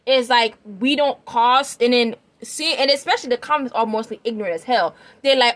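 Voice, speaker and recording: A woman's voice: fairly high pitch, a little fast, hardly any pauses. A woman giving her opinion in a rambling, emphatic vlog, often checking that the listener follows her. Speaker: vlogger. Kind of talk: opinion commentary.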